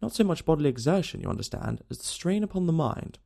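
A man's voice: on the high side, big pitch swings, quick pace, vocal fry, warm tone, voice pushed up, exaggerated voice. A man reading an audiobook, voicing a pompous, self-satisfied middle-aged police detective. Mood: boastful. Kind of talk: audiobook character voice.

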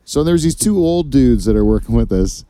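A man's voice: medium pitch, animated, moderate pace, dark tone, clear, resonant tone, no room sound. A man hosting a casual comedy podcast, telling long rambling stories full of swearing. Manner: rambling, profane storyteller. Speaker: podcast host.

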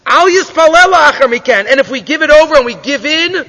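A man's voice: very high-pitched, lively intonation, a little fast, pushed and bright. A man teaching a Torah class. He reads each Hebrew line of a story and then explains it in English, acting out the people in it. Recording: dull lo-fi audio with long reverb.

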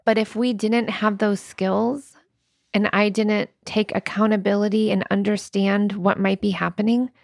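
A woman in her thirties or forties chatting candidly as a podcast co-host. Her mid-pitched voice has a gravelly fry, and she speaks openly and often breaks into laughter. The recording is close and dry. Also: flat delivery, unhurried, darkish tone, no room sound. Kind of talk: casual chat.

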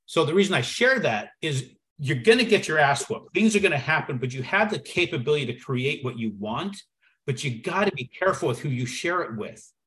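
A man telling a personal story as a podcast guest, acting out the dialogue with lively shifts in his voice. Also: fairly high pitch, a little fast. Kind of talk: storytelling in conversation.

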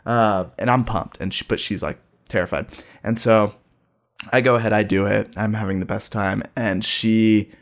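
Gravelly-voiced man telling a story. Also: on the low side, normal speed. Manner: animated storyteller, acts out quoted dialogue. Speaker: guest telling a travel story. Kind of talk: casual chat.

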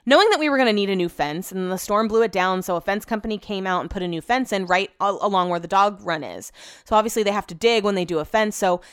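A young woman tells a long, meandering story in an easy, conversational way, dotted with likes and self-corrections. Her voice sits at a middling pitch for a woman. The sound is close and dry, with no room echo, recorded in her home office. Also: fast talker, smooth. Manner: chatty, rambling with many likes and restarts. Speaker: vlogger. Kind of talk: casual storytelling.

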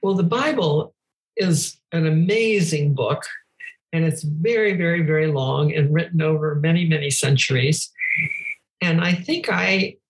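An older woman speaking as a podcast guest, reflecting thoughtfully and gently on scripture in conversation. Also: sits low, unhurried, low-quality recording.

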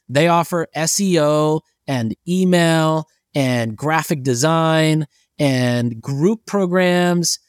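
A man's voice: on the high side, dry recording, clean studio sound. A man co-hosting a business podcast in casual chat, telling stories with lots of swearing and acted-out quotes of his own reactions. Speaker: podcast co-host.

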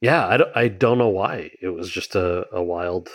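Man telling an animated, self-deprecating story. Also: moderate pace. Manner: animated storyteller acting out quoted lines with rising pitch; self-deprecating, many fillers and restarts. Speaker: guest, actor and writer. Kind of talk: conversational storytelling interview.

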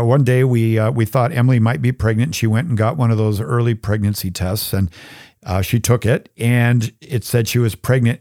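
A middle-aged man hosting a faith podcast, reflecting on Bible verses in an earnest, conversational way and reading Scripture slowly. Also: medium pitch, no echo, studio quality. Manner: gets choked up and soft when sharing personal grief. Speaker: podcast host. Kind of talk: reflective Bible teaching talk.

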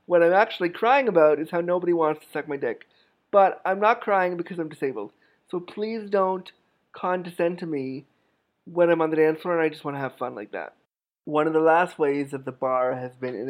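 A man's voice: on the high side, muffled recording. A man giving a personal storytelling talk, frank and humorous, with a wry edge. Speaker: speaker telling stories to an audience.

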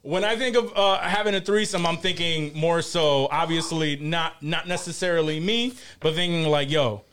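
Slightly high-voiced guy cohosting, giggles and teases a lot. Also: normal speed, a bit bright, a little hiss or hum. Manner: giggly, teasing, stumbles over words. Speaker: podcast co-host. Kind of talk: casual chat.

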